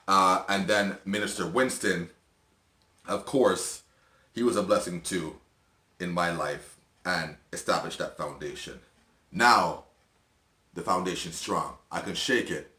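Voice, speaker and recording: Deep-voiced man giving earnest testimony. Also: roomy sound. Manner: earnest, halting, emotional, with restarts and soft laughs. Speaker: video host. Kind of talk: personal testimony.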